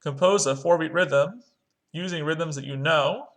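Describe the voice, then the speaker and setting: A male music teacher with a fairly high, slightly slow voice guides young students through a screen-recorded online lesson. He narrates each click step by step and chants rhythm syllables along the way.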